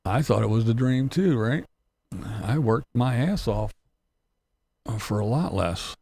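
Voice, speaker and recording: A man chatting casually on a livestream, with a gravelly, fry-laden voice at an everyday middle pitch. He talks bluntly, swears freely and chuckles between remarks as he reads out comments. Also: expressive, measured pace, darkish tone, no echo. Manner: blunt, ranting, profane, chuckling. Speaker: livestream host.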